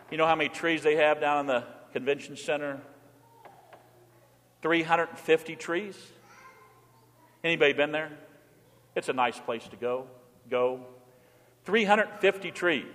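A man pastor delivering a sermon in a slightly high voice, pressing hard on key words and then dropping to a hush. His voice carries a long reverb, as if he were heard in a large church. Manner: emphatic preaching, swinging between forceful and hushed.

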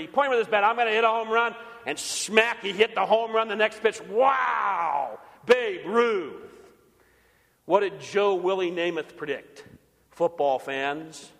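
Older male pastor, emphatic sermon delivery, high voice, reverberant hall. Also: fairly bright tone. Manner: emphatic, repeats key phrases.

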